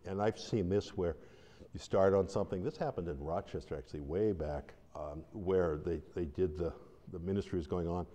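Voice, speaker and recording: A man's voice: low-pitched, moderate pace, warm tone. A man from Buffalo, New York teaching about deliverance ministry in an informal, rambling way, telling stories and acting out the quotes. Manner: rambling storyteller, acts out quotes with laughs. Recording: long hall reverb.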